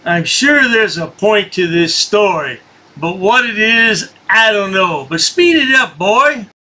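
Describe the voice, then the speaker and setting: Male commentary host, high bright voice, slow sarcastic taunting delivery. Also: lively intonation, slight background noise. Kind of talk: mocking commentary over clips.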